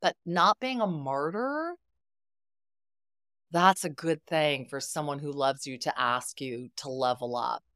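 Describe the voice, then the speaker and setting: Middle-aged lady telling stories on a podcast, lowish voice, dry close mic, does all the voices. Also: slow, no echo. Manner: expressive storyteller, acts out quoted dialogue. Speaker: guest, therapist. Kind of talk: podcast conversation.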